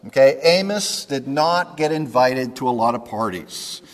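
A male pastor preaching in an easy, conversational way, stopping often to check that his listeners follow. His voice sits at an ordinary middle pitch. The sound carries a long reverb from a large hall. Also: animated, unhurried. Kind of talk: sermon.

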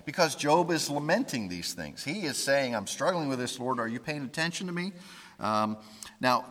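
A pastor preaches a conversational sermon in a reverberant hall, voicing the pleas that scripture figures make to God. His voice is medium-pitched and fairly bright, and he restarts sentences along the way.

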